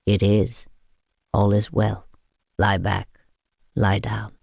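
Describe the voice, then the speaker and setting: A woman voicing a calm, ancient male vampire who speaks slowly, low and hushed. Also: dry recording, exaggerated voice. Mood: soothing. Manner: slow, low and hushed, patient.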